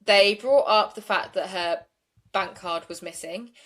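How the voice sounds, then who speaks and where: A woman's voice: mid-range voice, unhurried, fairly bright tone. A woman, co-hosting a true-crime podcast and retelling court events in a chatty way full of "like". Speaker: podcast co-host.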